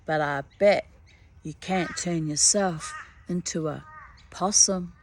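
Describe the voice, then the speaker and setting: A woman's voice: lowish voice, slow pace, a little hiss or hum. A woman voicing a wily young country man who tries to trick a monster in a storybook reading, in a folksy, sly way.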